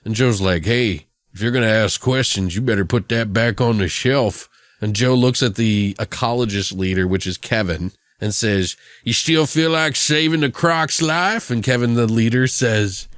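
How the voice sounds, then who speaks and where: A man's voice: medium pitch, moderate pace, fairly bright tone, no room sound. Laughing, swearing man reviewing a movie. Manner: profane, laughing, acts out characters' lines. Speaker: podcast co-host. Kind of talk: casual movie review chat.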